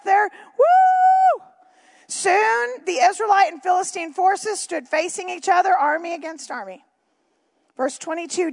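A woman preaching a sermon, reading Bible verses and breaking off for chatty, joking asides to the congregation. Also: very high voice.

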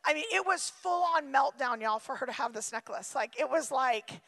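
A woman's voice: sits high, lively intonation, normal speed, fairly bright tone, big-room sound. A woman pastor preaching a sermon, emphatic and repeating her phrases for effect, often slipping into acted-out quotes and asides.

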